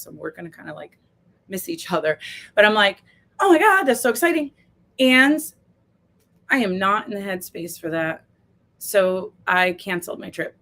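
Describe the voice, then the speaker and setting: A woman's voice: medium pitch, a bit bright. A woman from the United States, a coach hosting her own live video series, talking candidly to viewers while close to tears and swearing freely. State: tearful, close to crying. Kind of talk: casual live-stream talk to viewers.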